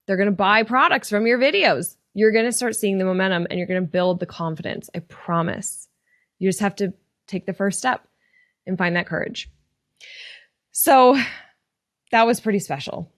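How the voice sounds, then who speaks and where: A woman's voice: medium pitch, moderate pace, pauses often, no echo, studio quality. A woman hosting a retail podcast, talking casually with earnest encouragement and open emotion. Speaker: podcast host and retail coach. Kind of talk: casual motivational podcast talk.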